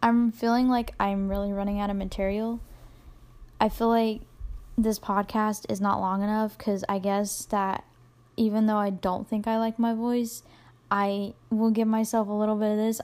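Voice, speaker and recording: A young adult woman with a medium-pitched, slightly mellow voice hosts a solo podcast. She rambles casually, pokes fun at herself, and fills her talk with plenty of fillers.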